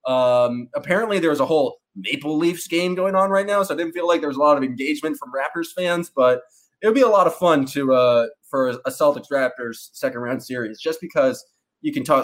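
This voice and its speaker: A man's voice: on the high side, a little fast. A man co-hosting a sports podcast, chatting loosely and joking, with fillers and trailing sentences. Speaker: podcast co-host. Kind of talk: casual sports podcast chat.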